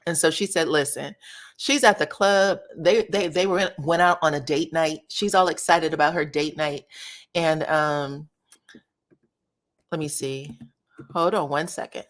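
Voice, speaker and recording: A woman's voice: deep voice, fairly even intonation, a little slow, pauses often. A woman hosting a casual live stream, chatting with viewers and thanking subscribers as she reviews a new show. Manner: chatty, addresses viewers as y'all and child. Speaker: livestream host of reality show commentary.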